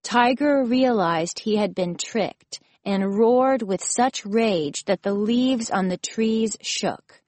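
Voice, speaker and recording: Slow, measured woman narrator. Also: mid-range voice, a little mellow, no room sound. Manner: clear, measured reading. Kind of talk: scripted storybook and nonfiction narration.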